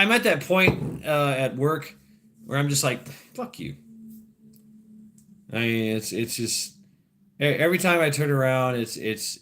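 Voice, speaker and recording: A man's voice: medium pitch, pushed and bright, slight background noise. A man, maybe in his thirties, hosting a casual livestream, talking to his chat in a rambling, profane way and laughing at his own jokes. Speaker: livestream host.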